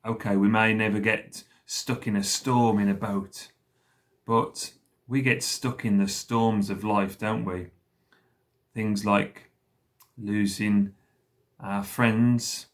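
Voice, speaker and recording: A man leading school worship, slowly retelling a story for children and pausing to ask them questions. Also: on the low side, little pitch movement.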